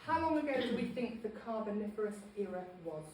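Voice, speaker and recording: A woman gives a casual local history talk to a small group, chatty and self-deprecating, with lots of ums. Her medium-pitched voice is very animated and fast, picked up far from the mic in an echoey room with a loud crowd.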